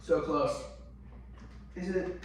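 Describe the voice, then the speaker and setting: A man's voice: fairly high pitch, extremely slow. A man in casual chat with teammates, unsure and guessing his answers aloud. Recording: echoey room, far from mic, noisy.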